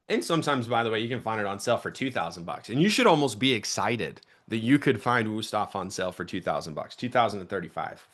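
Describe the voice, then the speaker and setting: A young man coaching a sales team in an energetic teaching talk, shifting his pace and volume to stress points. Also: fairly low pitch, fast, few pauses. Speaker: sales trainer.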